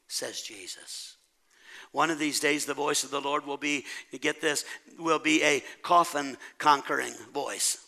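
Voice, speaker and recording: A male pastor preaching with a gravelly, bright edge to his voice. He pitches his delivery a touch high, swells into ringing shouts, then sinks to a near whisper. The cadence is a Sunday-morning sermon. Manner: preaching, rising to a shout, then dropping to a soft hush.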